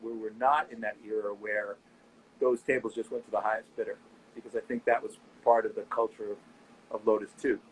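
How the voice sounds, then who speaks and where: A middle-aged man in a casual interview, telling animated anecdotes and quoting people as he goes. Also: fairly low pitch, a little fast, a little hiss or hum, low-quality recording. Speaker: nightlife owner and guest.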